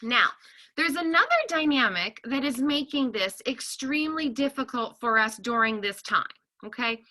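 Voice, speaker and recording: A high-pitched woman gives a friendly talk as a counselor to a group of women. Her voice is very bright and ringing, and she keeps her listeners close with constant "okay?"s and "right?"s, laughing easily between points. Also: moderate pace. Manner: chatty, checks in with "okay?" and "right?"; animated, laughs often. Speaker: licensed counselor.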